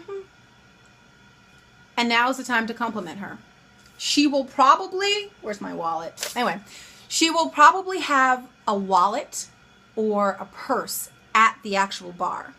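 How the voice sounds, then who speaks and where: A young woman with a high, bright voice talks through dating advice to camera. She is chatty and loose, acting out little back-and-forth scenes between a guy and a girl as she goes. Her voice rises and dips a lot as she jumps between the speakers in her stories. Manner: chatty, acts out both sides of pickup lines. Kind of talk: casual advice monologue.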